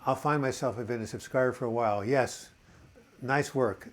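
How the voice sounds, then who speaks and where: A man's voice: mid-range voice, normal speed. A man in a mid-range voice hosts a casual live video chat, chatty and rambling as he reads out viewers' comments. He answers them in an encouraging way and speaks to his viewers directly. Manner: encouraging, addresses viewers as boys and girls.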